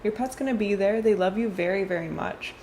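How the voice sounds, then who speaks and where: A woman's voice: medium pitch, fairly quick, a little mellow, a little hiss or hum. A young woman chatting through a casual tarot card reading, rambling with fillers and restarts.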